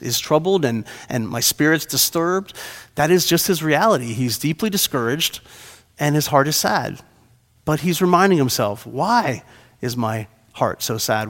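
Earnest male pastor in reverberant hall. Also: medium pitch. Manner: earnest, repeats phrases for emphasis. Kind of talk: sermon. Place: church sanctuary.

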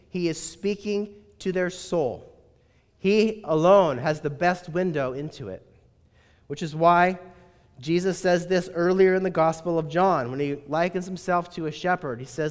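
A man's voice: fairly high pitch, a little slow. Conversational male pastor, echoing hall. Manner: conversational, wry, uses rhetorical questions. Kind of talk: sermon. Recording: reverberant hall.

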